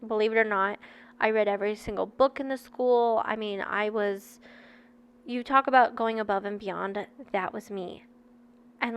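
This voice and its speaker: A woman's voice: medium pitch, clear, resonant tone. A woman in her thirties reading a book aloud and breaking off into candid, chatty personal asides to her viewers. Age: 30s.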